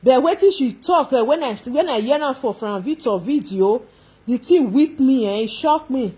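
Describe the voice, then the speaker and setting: A woman's voice: sits high, animated, normal speed, mellow, breathy edge. A woman with a Nigerian Pidgin accent giving casual live commentary to her viewers, chatty and exclamatory, talking straight to them. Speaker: social media commentator.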